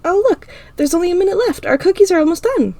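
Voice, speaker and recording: A woman voicing a cheerful, sensitive teenage girl classmate in an audiobook, eager and high-pitched. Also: fast, warm tone.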